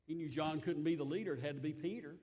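A man preaching a sermon, emphatic and given to repeating his phrases, dropping to quiet asides and then rising again. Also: fairly high pitch, fast talker.

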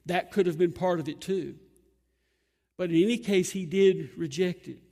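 Gravelly-voiced preacher in a hall. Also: male voice, sits high, a little mellow. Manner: earnest, emphatic preaching with pauses. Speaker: pastor. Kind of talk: sermon. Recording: long hall reverb.

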